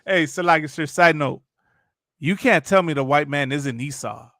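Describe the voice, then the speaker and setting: A male host gives mocking, preachy religious commentary, circling back on the same phrases again and again. His voice is high and sharp. The sound is close and dry. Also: normal speed, no echo. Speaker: host reacting to videos.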